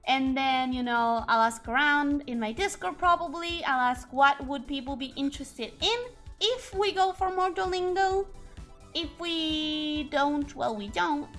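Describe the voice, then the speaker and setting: A woman whose first language is Spanish, speaking English with a Spanish accent as she chats casually on a livestream and reads chat aloud, rambling and thinking out loud. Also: sits high, unhurried, soft background music. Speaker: streamer.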